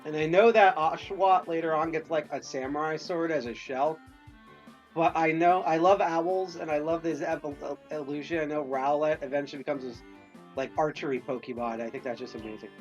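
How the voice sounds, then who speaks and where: A man's voice: on the high side, fairly even intonation, brisk, dull audio, faint music behind. A man giving jokey, casual commentary while he plays a video game on stream. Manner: jokey, chatty, reacts aloud while playing.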